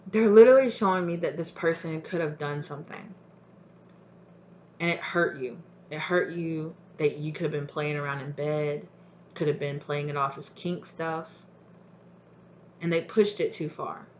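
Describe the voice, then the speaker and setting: A woman's voice: sits low, a bit bright, highs cut off, slight background noise. A woman giving a casual tarot reading, talking bluntly with lots of fillers, swearing freely and acting out people's reactions in quoted voices. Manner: rambling with many fillers. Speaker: tarot reader.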